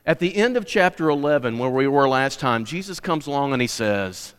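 In a big hall with long reverb, a pastor preaches in a clear, resonant, mid-range voice, speaking a little fast with hardly any pauses. He is expressive, weaving in stories and climbing toward emphatic declarations.

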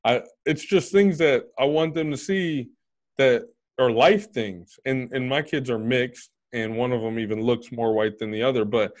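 A man in his thirties hosting a casual chat, blunt and freely swearing, getting animated when retelling stories. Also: medium pitch, moderate pace. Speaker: podcast host.

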